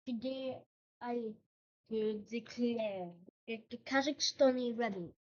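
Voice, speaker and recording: A woman's voice: on the high side, steady tone, takes it slowly, dull audio. A woman voicing a president giving a formal declaration speech, putting on an accent she admits she is bad at. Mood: declaring. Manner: a self-admittedly clumsy put-on accent.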